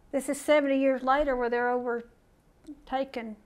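A woman's voice: high voice, animated, a little slow. A middle-aged woman preaching a conversational sermon, reading scripture aloud and asking the listeners questions.

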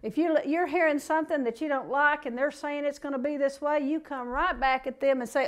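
A woman with a high voice preaches a sermon. She reads scripture aloud, then drops into folksy, plain-spoken asides to her listeners. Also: steady tone, a little fast, hardly any pauses.

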